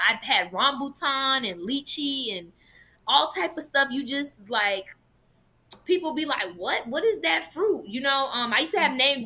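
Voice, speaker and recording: A woman co-hosting a casual vegan talk show, telling stories in an animated way and slipping into playful voices now and then. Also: sits high. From Jamaican heritage. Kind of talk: casual chat.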